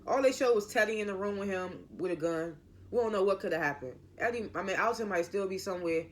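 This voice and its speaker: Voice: mid-range voice, fast. A TV show reviewer giving a casual recap in an opinionated, rambling way, often correcting themself mid-sentence.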